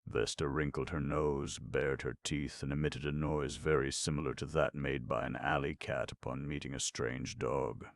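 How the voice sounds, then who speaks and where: A man narrating a science fiction audiobook in a measured, even reading. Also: a bass voice, vocal fry, dry recording, clean studio sound. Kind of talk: scripted narration.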